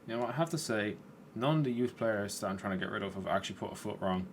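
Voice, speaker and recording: A man's voice: on the low side, fast talker, a little hiss or hum. A man casually commentating over his own football video game, chatty and swearing, tired and yawning at times. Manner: chatty, swears at players, rises in excitement. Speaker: gaming YouTuber.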